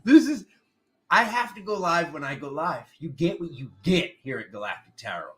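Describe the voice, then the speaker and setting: A man giving a casual livestream tarot reading, playful and jokey, laughing often and swinging from loud remarks to mutters. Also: a little high, sing-song, brisk. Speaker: tarot reader.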